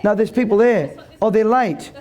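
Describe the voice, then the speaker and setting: A man's voice: high voice, normal speed, darkish tone. A man giving a joking, brash motivational seminar to a live audience, stammering into restarts and ordering the crowd about. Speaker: motivational speaker. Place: event hall with live audience.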